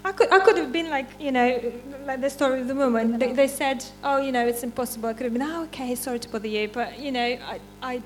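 A woman's voice: high-pitched, fast, hardly any pauses, slight background noise. A woman giving an informal church testimony and reading scripture, chatty and unpolished, often breaking into laughs.

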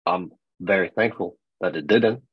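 A man's voice: low voice, moderate pace, husky, no room sound. A man, a military veteran and guest, talking candidly in a frank, reflective and profane way. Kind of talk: candid conversation. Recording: dull, dry lo-fi sound.

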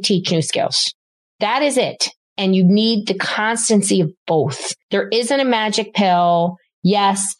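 A woman's voice: on the low side, no room sound. Emphatic middle-aged woman podcast host. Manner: emphatic and enthusiastic, repeats words for stress. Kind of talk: casual advice monologue.

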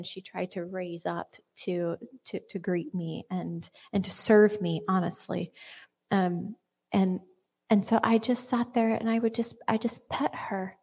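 A woman's voice: fairly low pitch, darkish tone, breathy edge. A woman giving earnest Christian teaching with a personal story, often dropping to a whisper and restarting her sentences. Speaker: Christian speaker.

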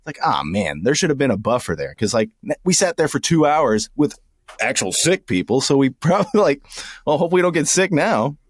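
Animated young man telling stories. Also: mid-range voice, a little fast, husky, no echo, clean studio sound. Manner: animated storyteller, swears casually, says dude a lot. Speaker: podcast co-host. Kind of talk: casual chat.

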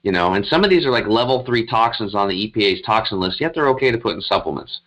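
A middle-aged health coach tells his story in a casual interview, rambling earnestly with lots of fillers and restarts. His voice is on the low side, animated, fast and a bit bright, and the audio is dull.

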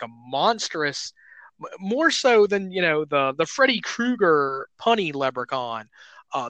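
High-voiced rambling man, dry sound. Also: no echo. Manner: rambling, excitable, laughs often. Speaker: podcast co-host. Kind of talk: casual chat.

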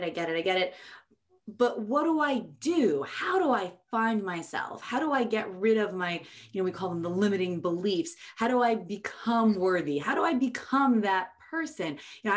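Eager woman podcast host. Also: medium pitch. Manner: eager and direct, pushes for practical answers. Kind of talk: casual interview chat.

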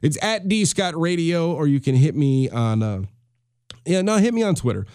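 Man, 40s, solo podcast host, rambling, self-deprecating, mellow tone, dry close sound. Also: a little high, very animated, normal speed, smooth, no echo. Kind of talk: casual solo talk show. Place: home studio in New York.

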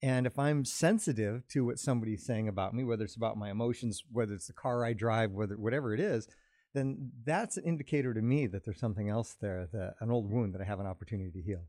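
A man talking calmly in a casual conversation, explaining his ideas at length in a reflective way. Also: on the low side, fast, dry recording, studio quality. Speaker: podcast co-host.

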